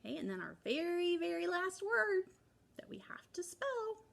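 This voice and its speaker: A woman's voice: extremely high pitch, big pitch swings, moderate pace, gravelly, a bit bright. A woman teaching young children a spelling lesson from home, patiently sounding words out part by part.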